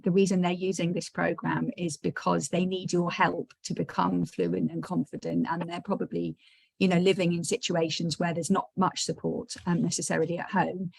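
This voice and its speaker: A woman's voice: on the low side, level tone, moderate pace, vocal fry, no echo. A woman hosting an online training session, chatty and encouraging, with many fillers, on a video call. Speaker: session host.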